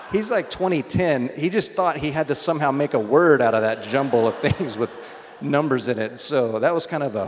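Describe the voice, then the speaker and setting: A man's voice: mid-range voice, expressive, a little fast, a little hiss or hum. A man preaching a sermon as pastor, in a loose conversational way, telling stories between readings. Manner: conversational, storytelling with small restarts. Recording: long hall reverb.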